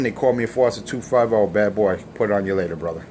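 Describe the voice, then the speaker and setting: A man's voice: fairly low pitch, fast talker, darkish tone, slight background noise. A man hosting a CB radio show, boasting and taunting rivals in a profane, self-assured way. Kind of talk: boastful on-air trash talk.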